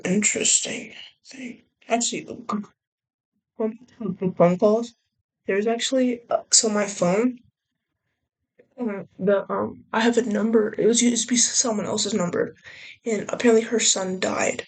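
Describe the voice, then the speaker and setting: A woman's voice: medium pitch, breathy edge. A young woman vlogger rambling casually, often trailing off and restarting her thoughts. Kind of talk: casual chat.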